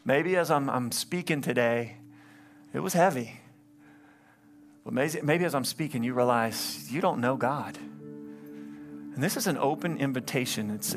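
A man preaching as a pastor in a church, pleading and impassioned, swelling loud and then dropping low during an altar call. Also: measured pace, soft background music. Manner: impassioned, rising to loud climaxes then hushed. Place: church sanctuary, livestreamed.

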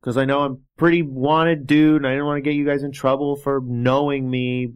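A man's voice: medium pitch, little pitch movement, normal speed, clean tone, muffled recording, voice pushed down, lightly acted. A man voicing a nervous young male fan caught in a lie, stammering and apologetic. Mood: sheepish. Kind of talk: character voice in tabletop play.

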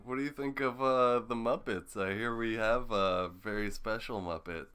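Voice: medium pitch, normal speed, background noise. A podcast host in casual comedic interview mode, loose and joking, giggling often.

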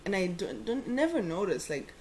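Lively young woman telling a story. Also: mid-range voice, normal speed, slight background noise. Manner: animated storytelling, laughs often, acts out quotes. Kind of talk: casual chat.

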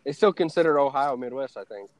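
A man's voice: mid-range voice, lively intonation, quick pace, no room sound. Laid-back cursing man with Southern twang. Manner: loose, profane, joking. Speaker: podcast co-host. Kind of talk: casual chat.

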